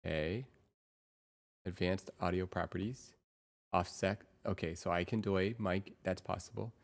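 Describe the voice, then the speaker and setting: A young adult woman livestreaming in casual chat, excitable and quick to repeat herself in bursts. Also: extremely low pitch.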